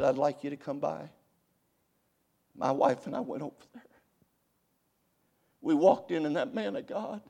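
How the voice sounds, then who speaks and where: A man's voice: a little high, creaky. Older man preaching with emphatic cries. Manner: swings from loud emphatic cries to hushed storytelling. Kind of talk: sermon.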